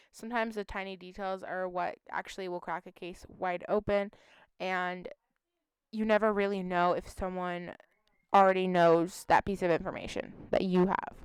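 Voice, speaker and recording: A woman's voice: mid-range voice, smooth, dry recording, studio quality. A woman hosting a missing-persons channel, speaking in a heartfelt, emotional way as she pleads with viewers for help. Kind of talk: earnest appeal to viewers.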